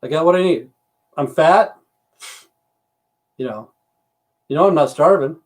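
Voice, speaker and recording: An expressive, unhurried man with a fairly high pitch hosts a casual livestream rant from home. He's an American in his fifties or sixties who rambles, talks bluntly, and swears freely, heard through a computer mic.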